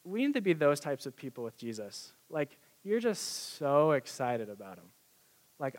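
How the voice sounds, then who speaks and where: Excitable young male preacher, slightly high voice. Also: normal speed. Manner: excited, conversational, with many "like" fillers. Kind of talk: sermon.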